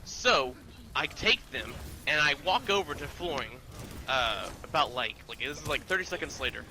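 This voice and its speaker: A man's voice: a little high, lively intonation, normal speed, pushed and bright, slight background noise, poor audio. A man telling a work story in a casual, profane, rambling way with many fillers.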